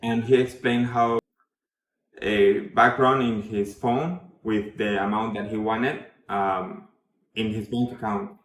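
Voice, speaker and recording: A man's voice: on the low side, fairly even intonation. Man telling his story in an echoey room. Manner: earnest, halting, self-correcting. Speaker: event attendee giving a testimonial. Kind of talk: personal testimony. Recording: echoey room, mic far off, faint noise.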